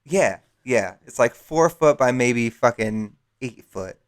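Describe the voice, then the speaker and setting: A man co-hosting a podcast, telling a story in a rambling, profane, animated way. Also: medium pitch, slow. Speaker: podcast co-host. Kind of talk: casual storytelling.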